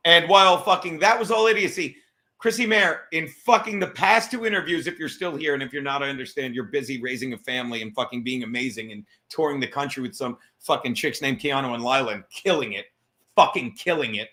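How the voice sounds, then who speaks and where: A man's voice: mid-range voice, bright, forceful tone. A middle-aged man hosting a comedy podcast, rambling through a profane monologue with frequent restarts. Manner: fast, rambling, swears a lot, restarts mid-thought.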